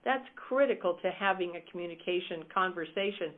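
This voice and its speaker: A woman's voice: lowish voice, brisk. A woman leading a coaching call, talking in an emphatic, upbeat and direct way. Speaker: real estate team coach. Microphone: phone. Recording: tinny phone line.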